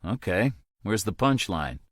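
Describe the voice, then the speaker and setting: Man reading a low-key earnest priest in an audiobook, fairly low voice, dry sound. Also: big pitch swings, measured pace, no room sound. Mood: plain. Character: earnest quiet male priest, middle-aged.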